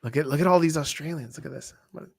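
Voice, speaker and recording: A man with a slightly high, creaky voice talks quickly, recorded with no echo. He's co-hosting a live wrestling watch-along, chatting casually, cracking jokes and reacting loudly.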